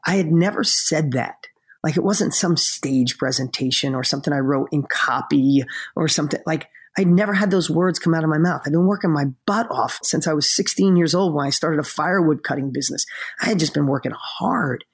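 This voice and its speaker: A middle-aged man with a slightly raised, gravelly and husky voice tells a personal story on a podcast. He is earnest and openly emotional, near tears as he talks. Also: a little high, fairly quick. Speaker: podcast co-host.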